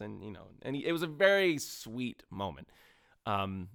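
A man co-hosting a casual movie review podcast, rambling and animated, full of fillers and the odd swear. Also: mid-range voice, fairly quick, clear, resonant tone, no echo, studio quality. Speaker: podcast co-host.

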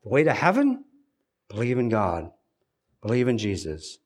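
A man preaching from the pulpit at a middle pitch. He builds to loud, emphatic runs, then sinks into low, hushed, unhurried passages before moving into prayer. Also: wildly swooping pitch. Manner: swings between loud emphatic stretches and quiet, low, slow passages. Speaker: pastor. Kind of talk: sermon.

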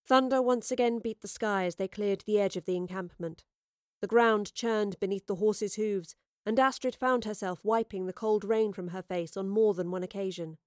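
A woman narrates a storybook in a steady, expressive manner. Her voice sits at a middle pitch. The recording is dry and close, with no room sound. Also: normal speed, no echo. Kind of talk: storybook reading.

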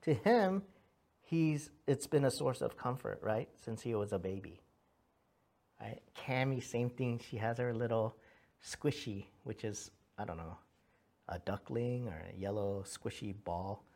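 A man's voice: mid-range voice, a little slow. Pastor, man, 30s, conversational sermon delivery, earnest storyteller, mid-range voice. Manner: earnest, animated storytelling with frequent restarts and "right?" asides.

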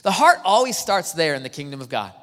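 A man preaching as a pastor, excitable, swinging from hushed asides to near-shouts and acting out quoted dialogue. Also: on the high side, brisk. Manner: acts out quoted dialogue in the talk. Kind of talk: sermon. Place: church hall. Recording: long hall reverb.

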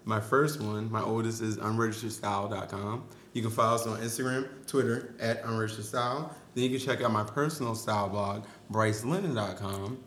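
A man in his thirties from South Jersey, a guest on a casual podcast, upbeat and quick to laugh. His voice is mid-pitched and sounds a bit roomy, as if in an echoey space. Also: steady tone, fairly bright tone, slight background noise. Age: 30s. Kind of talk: casual chat.

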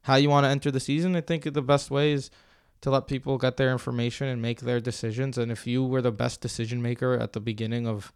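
A young man co-hosting a fantasy football podcast in a relaxed, chatty way. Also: mid-range voice, fast, hardly any pauses, smooth, no room sound, studio quality. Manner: relaxed, chatty, reads out promo codes. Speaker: podcast co-host. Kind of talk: casual podcast chat.

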